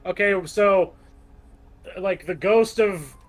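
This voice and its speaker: A man's voice: sits high, slow, soft background music. A man in casual chat on an art stream, rambling and hesitant with many fillers.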